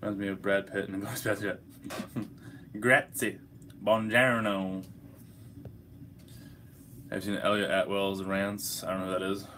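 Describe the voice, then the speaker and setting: A man's voice: low voice, little pitch movement, normal speed, a bit bright, a little hiss or hum. A young man hosting a casual livestream, hungover, reading chat questions aloud and answering in a laid-back, profane way.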